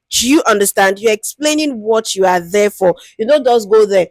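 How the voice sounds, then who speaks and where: A woman with a Nigerian accent giving a casual, lively lesson, often checking that listeners follow and acting out interview lines. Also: normal speed, few pauses, no echo. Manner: lively, conversational, keeps asking "do you understand?"; acts out interview lines in a higher, sweeter voice. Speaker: product management teacher. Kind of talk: casual explanatory talk.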